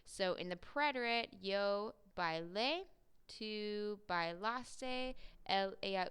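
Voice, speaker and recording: A woman walks through a grammar lesson in a clear, methodical way. Her voice is bright and lively in tone, and every word comes out very crisp and clean. She slows right down to drill each form. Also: mid-range voice. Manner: clear, methodical explaining with slow drilled Spanish words. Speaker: Spanish teacher.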